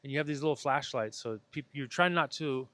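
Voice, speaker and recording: A man's voice: medium pitch, fairly quick, fairly bright tone, no room sound. Earnest man telling a personal story. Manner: earnest, swears casually, acts out his own inner voice. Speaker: podcast guest, breathwork facilitator. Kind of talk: casual storytelling interview.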